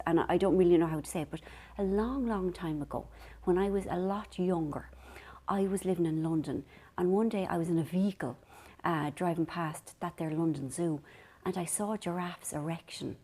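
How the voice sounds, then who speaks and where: A woman's voice: lowish voice, a little fast, mellow. An Irish woman from Ireland chatting to camera as a vlog host, telling rambling, self-deprecating stories. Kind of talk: casual chat to camera.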